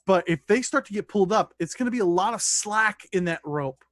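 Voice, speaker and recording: A man's voice: high-pitched, expressive, a little fast, a bit bright, dry recording, studio quality. A man running a tabletop game as dungeon master, narrating loosely with restarts. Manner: loose, conversational rulings with restarts.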